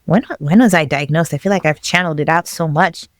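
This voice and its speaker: A young adult woman telling her own story as a podcast guest, animated and acting out the voices of the people in it, laughing often. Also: sits low, brisk, dry recording, clean studio sound. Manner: animated, acts out quoted dialogue, laughs often. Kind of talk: personal storytelling.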